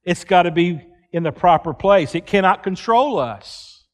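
A man's voice: high voice, lively intonation, a little slow. A man, preaching an earnest sermon in church and acting out quoted pleas. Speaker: pastor.

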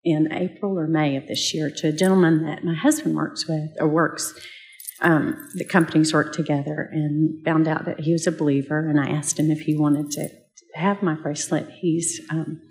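A woman with a notably low voice speaks at church, unhurried and a little hesitant as she shares a personal testimony. She pauses often between phrases. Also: flat delivery, a little mellow. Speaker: church member giving testimony.

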